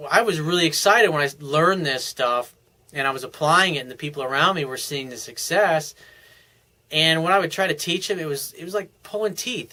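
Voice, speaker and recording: Middle-aged man, dating coach, casual straight talk, bright and fairly high voice. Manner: blunt, conversational, with mild swearing. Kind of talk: casual video newsletter monologue.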